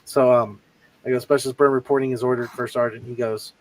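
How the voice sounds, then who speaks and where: A man's voice: medium pitch, quick pace, rough recording. A man casually telling army stories on a livestream, swearing freely and acting out the people he quotes. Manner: profane, animated anecdote-telling with quoted voices. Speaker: livestream co-host, army veteran. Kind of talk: casual storytelling chat.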